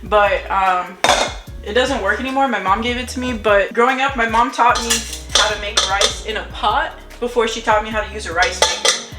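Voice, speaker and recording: A woman's voice: mid-range voice, normal speed. A young woman chatting in a playful, hyper way while cooking in her home kitchen for her vlog. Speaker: vlogger. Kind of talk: casual cook-with-me vlog. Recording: music playing underneath.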